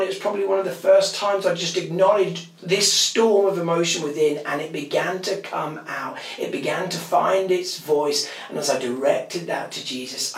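A middle-aged man preaching a sermon, swinging between loud emphatic bursts and hushed whispers. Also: fairly high pitch, recorded from a distance. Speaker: pastor. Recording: echoey room, voice from off the mic.

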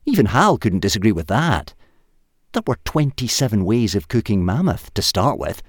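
A man reads a comic short story aloud, lively and expressive. His voice is very deep. The recording is dry, with no room sound. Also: breathy edge, no echo. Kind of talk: storybook reading.

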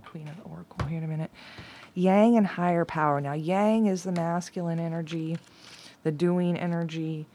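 A middle-aged woman reading tarot and oracle cards in a rambling, chatty way, laughing often and at times dropping to a soft whisper. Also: on the low side, fairly even intonation, normal speed. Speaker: tarot and oracle card reader. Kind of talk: casual card-reading chat.

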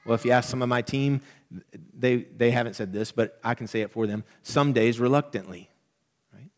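A middle-aged man preaching a sermon as pastor, conversational and animated, checking in with the congregation as he goes. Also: mid-range voice, normal speed. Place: church sanctuary. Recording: long hall reverb.

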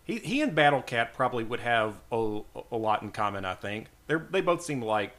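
Co-host, mid pitch, wry teasing manner, casual chat. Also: big pitch swings, brisk, fairly bright tone.

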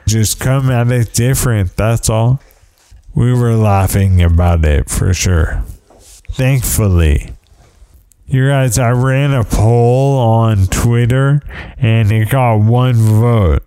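Slow, mellow-voiced man rambling casually. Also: medium pitch, clean tone, no echo, studio quality. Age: parent of young kids. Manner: meandering storyteller with self-deprecating asides. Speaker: podcast host.

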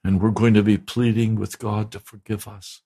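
A man's voice: on the low side, level tone, moderate pace, dark tone. A man preaching a sermon as pastor, fervent and emphatic, repeating his pleas. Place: broadcast sermon.

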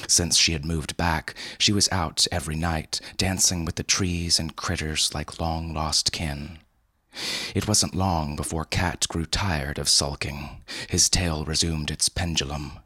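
A man narrates a story in a measured, wry voice, close on the mic. His voice is husky and bright, in a dry, dead room. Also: very deep voice, no room sound. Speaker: narrator and host.

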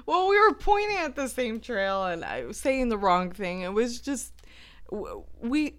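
A woman's voice: on the high side, big pitch swings, unhurried, fairly bright tone. A woman co-hosting a hiking video, telling a story in a casual chat and laughing often. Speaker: co-host of a hiking channel.

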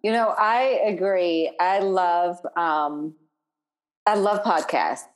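Woman, podcast host, fairly low voice, casual, supportive, lots of fillers. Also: slow. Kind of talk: casual interview chat.

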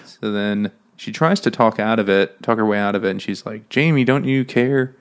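A man's voice: lowish voice, little pitch movement, fairly quick, smooth. A man co-hosting a podcast, riffing crudely on a book in casual banter and laughing as he talks. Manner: crude, joking, laughs often while talking. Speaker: podcast co-host.

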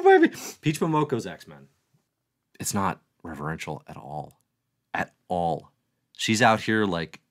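A man hosting a weekly livestream, chatting casually, answering viewers' comments, excitable and playful with self-mocking jokes. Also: sits low. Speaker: livestream host.

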